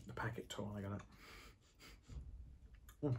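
A man co-hosting a casual snack tasting chat, reading packet blurbs aloud slowly and making dry jokes. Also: mid-range voice, animated. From United Kingdom. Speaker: co-host.

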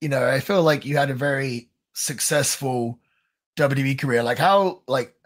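A man hosting a casual interview, relaxed and curious, asking loose, rambling questions. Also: mid-range voice, moderate pace. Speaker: podcast host, wrestler.

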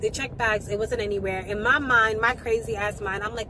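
A woman's voice: medium pitch, fairly even intonation, brisk, background noise. A young woman vlogging to a handheld camera in casual, rambling chat, swearing freely, her speech slightly slurred from a numbed mouth. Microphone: handheld camera at arm's length.

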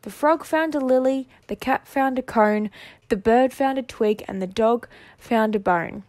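High-voiced woman reading a picture book. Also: a little slow. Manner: expressive storytelling. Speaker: narrator.

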